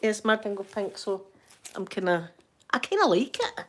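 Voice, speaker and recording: A woman's voice: medium pitch, sing-song, normal speed. Chatty Scottish woman, middle-aged. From Scotland. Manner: chatty, rambling, laughs often. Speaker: ASMR channel host. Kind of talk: casual chat to viewers.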